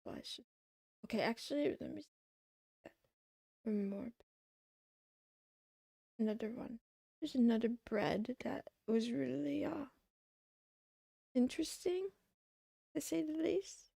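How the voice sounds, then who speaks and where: Woman streamer, slow unhurried chat, slightly high voice, excitable rambling with playful meows, dry close sound. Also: vocal fry, dry recording. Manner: rambling and excitable, meowing between remarks. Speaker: livestreamer. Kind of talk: casual chat to a live audience.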